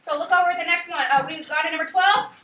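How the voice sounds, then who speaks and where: A woman teacher giving a lively classroom lecture, quizzing her students and counting out rhythms aloud. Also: extremely high pitch, fast. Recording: echoey classroom from far off, faint hiss.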